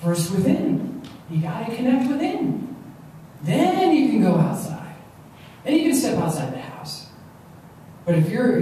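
Animated New woman in echoey hall. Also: fairly low pitch. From Long Island, New York. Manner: animated, repeats words, acts out quotes. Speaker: stress management speaker. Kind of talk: live motivational talk. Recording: echoey hall, distant mic, faint noise.

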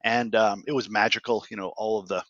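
A man's voice: lowish voice, fairly even intonation, brisk, a bit bright, no echo, lo-fi sound. A man in his fifties with a Boston accent, a guest telling stories with jokes and punchlines. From greater Boston, USA. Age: 50s. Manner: jokey storyteller with punchlines. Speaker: guest entrepreneur. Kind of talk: casual interview chat.

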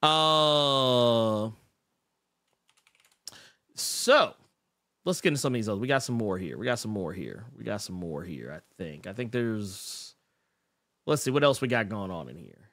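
A man's voice: lowish voice, very animated, unhurried, long pauses, a bit bright, no echo. A man hosting a casual livestream, reading chat messages in a rambling, self-interrupting and emotional way. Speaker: podcast host reading live chat.

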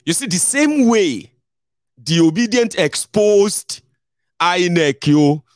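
A young Nigerian man talks straight at his audience in a blunt, teasing monologue, now and then mocking people he disagrees with. His voice sits a bit high for a man. The sound is close and dry, with no room around it. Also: lively intonation, slow pace, a little mellow, dry recording. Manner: blunt, mocking, mimics others in a raised voice. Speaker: political commentator. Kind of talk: casual monologue to viewers.

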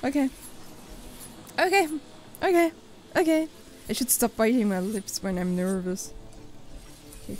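A young woman narrates her own gameplay in an excitable let's play commentary, often exclaiming and talking back to the game. Her voice sits a little high and leaps all over the place, while her pace stays slow and unhurried. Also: faint music behind, low-quality recording. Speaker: gaming channel host.

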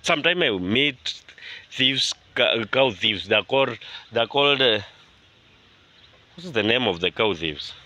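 A man vlogging outdoors on his rural land, talking to viewers in an animated, indignant way and often repeating himself. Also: mid-range voice, unhurried, pauses often. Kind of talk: casual vlog talk to viewers.

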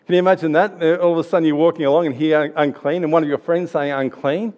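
Aussie guy preaching, casual storytelling sermon, kinda high voice, lots of restarts. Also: steady tone, rapid-fire, darkish tone. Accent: Australian. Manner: chatty, anecdotal, with frequent restarts and laughs. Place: church.

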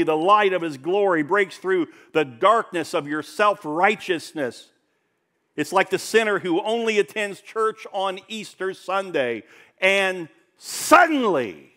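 A pastor preaching a sermon in church, rising to loud emphatic peaks and dropping to hushed, low passages. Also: male voice.

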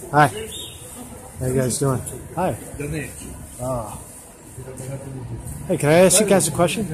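A man's voice: a little high, expressive, takes it slowly, long pauses. A man hosting a casual street-interview vlog, chatty and joking, repeating himself as he goes, and filming with a handheld camera at arm's length. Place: busy street outdoors. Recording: loud street traffic noise.

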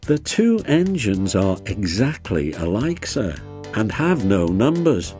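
A man's voice: fairly low pitch, very animated, slow pace, a little mellow, faint music behind. A man voicing a polite, deferential male railway inspector.

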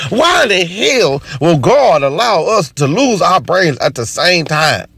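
Animated, profane male comic ranting. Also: fairly high pitch, unhurried, vocal fry, hardly any pauses, husky, no room sound. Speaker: stand-up comedian. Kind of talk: unscripted comedy rant.

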